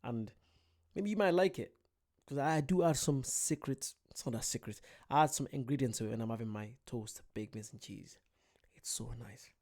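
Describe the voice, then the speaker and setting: A young man with an English accent talks casually to his viewers, joking and playful. His voice is mellow and warm, at a middle pitch. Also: moderate pace. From England. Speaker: reaction video host. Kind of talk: casual chat.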